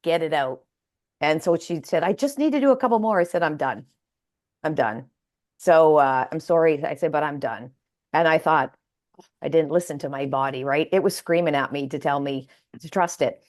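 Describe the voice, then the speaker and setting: A woman's voice: sits low, steady tone, moderate pace. A woman being interviewed on a podcast, telling a personal story with many restarts and acted-out quoted voices. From Canada. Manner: frequent restarts and hesitant fillers. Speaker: podcast guest. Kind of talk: casual interview chat.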